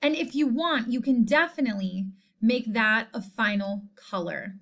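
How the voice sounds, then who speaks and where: A woman teacher explaining a spelling sort in a slow, clear, patient way. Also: fairly high pitch, fairly bright tone. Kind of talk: recorded spelling lesson.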